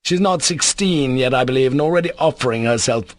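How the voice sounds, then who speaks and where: Guy voicing a sneering bitter young man, voice pushed up higher than his own, dry audiobook read. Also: expressive, fairly quick, dry recording, close to an everyday voice. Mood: contemptuous. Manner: sharp, contemptuous, scornful delivery. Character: bitter sardonic young man, cold and irritable. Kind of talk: audiobook character voice.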